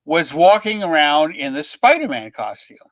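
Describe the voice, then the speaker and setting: A man's voice: on the high side, big pitch swings, moderate pace, fairly bright tone, no echo. An older man, a comics writer, telling a story as a guest and acting out the voices in the quotes. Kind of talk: animated anecdote telling.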